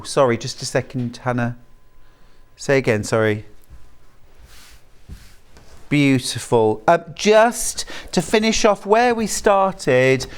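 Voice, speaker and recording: A woman with a British accent presenting live on a shopping channel, gushing over fabrics as she sells them. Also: deep voice. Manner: gushing, enthusiastic. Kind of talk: live selling patter. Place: TV studio.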